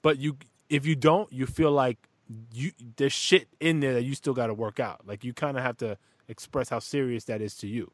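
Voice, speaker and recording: A man's voice: mid-range voice, moderate pace, dry recording. A man who is a father, telling stories in a rambling, profane, casual chat. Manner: rambling, profane, animated storytelling. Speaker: podcast host and father.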